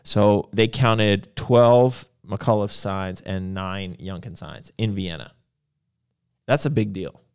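Rambling low-voiced man chatting. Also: takes it slowly, darkish tone, smooth. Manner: rambling storyteller with many fillers. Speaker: podcast co-host. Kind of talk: casual chat.

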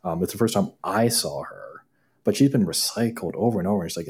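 A man with a very low, deep voice speaks as a guest acupuncturist. He tells clinic stories in a loose, conversational way. He animates them by acting out the lines of the people he quotes. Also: a little fast, slightly rough. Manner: animated, acts out quoted dialogue. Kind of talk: casual storytelling conversation.

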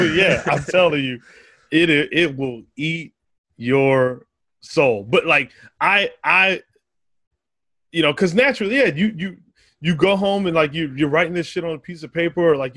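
Male comedian, slightly high voice, dry close sound, animated storytelling, curses a lot. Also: no echo. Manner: animated storytelling, heavy swearing, laughs often. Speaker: comedian guest. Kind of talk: casual podcast chat.

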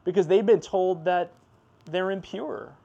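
A man preaching a sermon in a conversational way, with fillers and asides to the congregation, swinging between loud emphatic bursts and low hushed passages. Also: moderate pace, dull audio.

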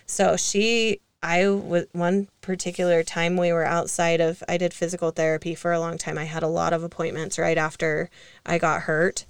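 A young woman talks in a relaxed, chatty way, rambling through a story with fillers and small laughs. Her voice sits a little low and sounds smooth and clear. The room is dry, with no echo. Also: normal speed. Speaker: co-host. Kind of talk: casual podcast conversation.

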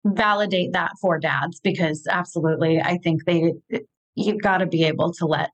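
A woman's voice: on the low side, moderate pace, rough recording. A woman, giving practical advice in a casual conversation. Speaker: podcast guest.

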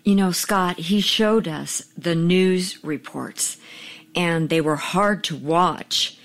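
Lady host narrating, slow and steady, low-ish voice. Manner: measured, explanatory. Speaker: podcast host. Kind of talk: scripted narration.

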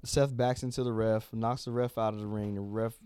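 Man, low dark voice, casual podcast recap, swears, acts out lines, dry close mic. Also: clear, resonant tone. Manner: animated retelling, acting out the wrestlers' lines in quick voices. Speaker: podcast co-host. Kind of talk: casual wrestling recap chat.

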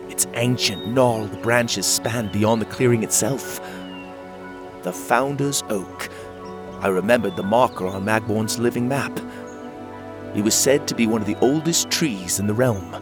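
A man narrating a children's audio adventure in an expressive storybook manner. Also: on the low side.

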